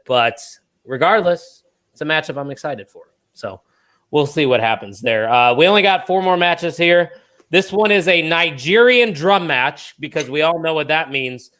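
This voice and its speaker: A man's voice: on the high side, a bit bright. A man hosting a podcast, leading a casual, joking chat. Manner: joking, leads the discussion. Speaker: podcast host.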